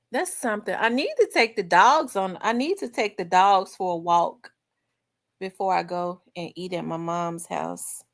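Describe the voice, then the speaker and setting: A middle-aged woman hosting a livestream, chatting casually with her viewers and telling animated, laughing stories. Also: on the low side. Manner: animated, laughing, storytelling to the audience. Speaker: livestream host.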